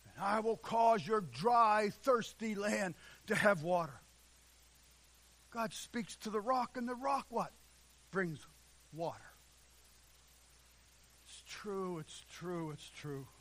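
A man pastor preaching an impassioned sermon in a church, swinging between loud and hushed delivery. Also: high voice, animated, slow, pauses often. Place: church sanctuary.

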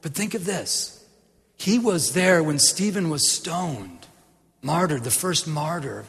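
A man teaching from the Bible in a casual, animated way, restarting his sentences and laughing at his own jokes. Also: fairly high pitch, slow pace, vocal fry, in a large hall. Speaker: preacher.

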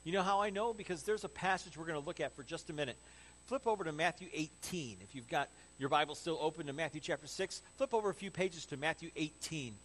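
A man preaching a sermon in an animated, conversational way with joking asides, as pastor. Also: on the high side, fast talker, a little hiss or hum, low-quality recording.

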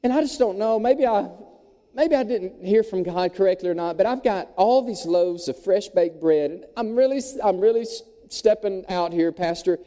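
A man's voice: high-pitched, warm tone, voice pushed up, lightly acted. Preacher doing a shy baker guy, unsure, stumbling, big echo. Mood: hesitant. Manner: hesitant, halting. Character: nervous, hesitant male baker.

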